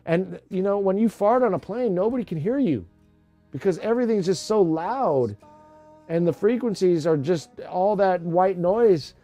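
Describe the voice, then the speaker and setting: A man's voice: high voice, expressive, normal speed, dark tone, soft background music. A middle-aged man chatting casually on a livestream, rambling and joking crudely. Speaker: livestream host.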